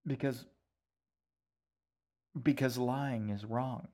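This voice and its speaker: A man's voice: mid-range voice, fairly even intonation, extremely slow, warm tone. A man reading an audiobook voices an easygoing young boy who talks in a blunt, matter-of-fact way. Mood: offhand.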